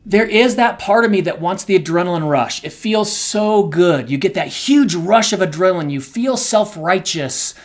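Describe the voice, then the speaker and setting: A middle-aged man co-hosting a podcast, talking candidly and emotionally, his voice swinging between soft and loud. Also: sits high, lively intonation, moderate pace, hardly any pauses. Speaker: co-host.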